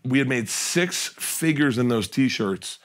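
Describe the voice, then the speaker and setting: A male comedian guest in a casual podcast chat, telling animated, rambling anecdotes full of restarts and laughs. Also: mid-range voice, takes it slowly.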